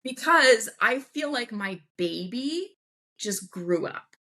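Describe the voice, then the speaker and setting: A woman guest on a podcast, telling a personal story in an animated way and acting out the voices of people she quotes. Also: on the high side, slow pace. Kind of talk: casual storytelling interview.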